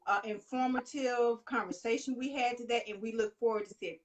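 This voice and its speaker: A woman's voice: on the high side, fairly even intonation, brisk, a little hiss or hum. A woman from Texas, hosting a live online interview and hyping up her viewers. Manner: upbeat, hypes viewers, says y'all. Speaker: interview host. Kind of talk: casual live show sign-off.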